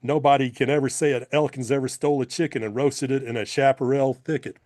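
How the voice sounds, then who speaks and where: A man's voice: mid-range voice, a little fast, darkish tone, no room sound, studio quality, voice pushed up, lightly acted. A man reading as a hotheaded giant frontier hero. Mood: biting. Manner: bitter, heated backwoods retorts.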